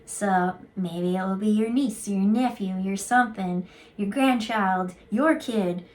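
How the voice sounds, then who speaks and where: A woman's voice: mid-range voice, takes it slowly, a little mellow. A woman giving a casual channeled card reading as an intuitive, talking in a rambling, chatty way with casual swearing.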